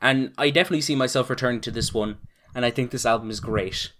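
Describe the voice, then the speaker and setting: Relaxed chatty male podcast host. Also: medium pitch, quick pace, slight background noise. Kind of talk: casual podcast chat.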